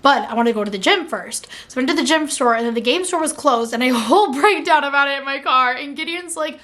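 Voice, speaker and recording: A woman's voice: sits high, fast talker, fairly bright tone. A young adult woman vlogging in casual chat, filling her talk with "like" and laughing at herself. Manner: chatty, filler-heavy with frequent "like"; laughs at herself mid-sentence. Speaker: vlogger answering viewer questions.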